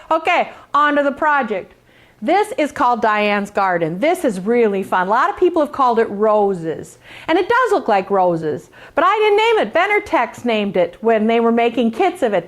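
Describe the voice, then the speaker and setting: A woman with a high, bright-sounding voice walks viewers through making her quilt pattern in a chatty, hands-on demonstration. She is sassy and joking throughout and playfully boasts about her own designs.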